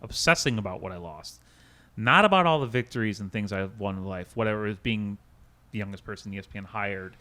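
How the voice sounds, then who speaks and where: A man's voice: lowish voice, brisk, sharp tone. A man in his thirties, a podcast guest, telling an emotional personal story in a candid, rambling way with many restarts and quoted dialogue. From United States. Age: 30s.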